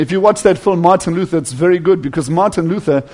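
A male preacher giving a sermon, swinging between loud emphatic passages and hushed near-whispers, earnestly calling his listeners friends. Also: high voice, quick pace, hardly any pauses.

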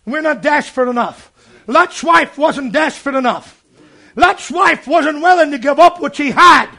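A man delivers a fervent sermon in a very high voice. He carries the story along, then breaks into loud shouts. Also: normal speed. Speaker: preacher.

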